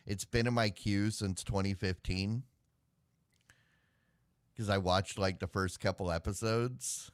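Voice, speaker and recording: A man's voice: on the low side, steady tone, measured pace, pauses often, no echo, clean studio sound. A man co-hosting a live web show, chatting casually and rambling with sighs and filler words. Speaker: podcast co-host. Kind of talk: casual chat.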